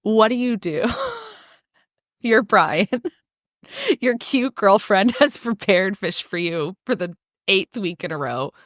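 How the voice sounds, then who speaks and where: A woman's voice: medium pitch, takes it slowly, dry recording, clean studio sound. A woman podcast host telling a story in casual chat, acting out what people said and laughing often. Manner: animated, acts out quotes, laughs often.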